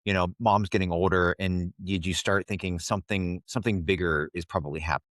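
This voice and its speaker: A man from Ohio hosting a podcast, asking questions in a halting way as he searches for how to phrase them. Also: sits low, fairly even intonation, fairly bright tone, no room sound, studio quality. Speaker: podcast host. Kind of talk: casual interview conversation.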